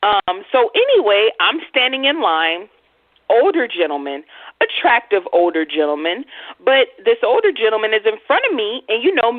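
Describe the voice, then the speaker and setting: A woman host telling a personal story in a blunt, profane, animated way on a casual radio chat. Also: a little high, normal speed, dry recording. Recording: tinny phone-like, dry sound.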